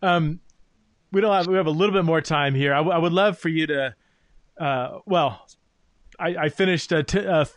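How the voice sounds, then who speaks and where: Thoughtful podcast host, dry close sound. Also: male voice, on the high side, normal speed, long pauses, dry recording. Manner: thoughtful, searching, many fillers and restarts. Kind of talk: interview conversation.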